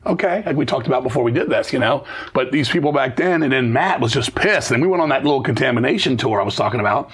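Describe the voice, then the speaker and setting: A man's voice: mid-range voice, slightly rough. A middle-aged man telling blunt, profane stories in an interview and acting out the voices of the people in them. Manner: fast, swearing, animated, acts out quoted voices. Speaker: interview guest, metal musician. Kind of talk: profane storytelling chat.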